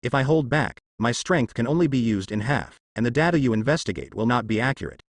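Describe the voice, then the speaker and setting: A man's voice: medium pitch, fairly quick, no room sound, studio quality. A man voicing a cold, composed male hero who speaks coldly. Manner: cold, flat remarks.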